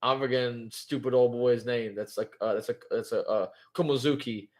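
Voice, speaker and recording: A man's voice: medium pitch, steady tone, normal speed, darkish tone. Rambling man recapping a manga live. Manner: rambling, lots of fillers and "bro". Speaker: livestream host.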